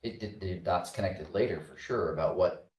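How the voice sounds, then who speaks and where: A man hosting an interview, asking measured, thoughtful questions. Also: deep voice, darkish tone. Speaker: interview host. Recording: roomy sound, distant mic, faint noise.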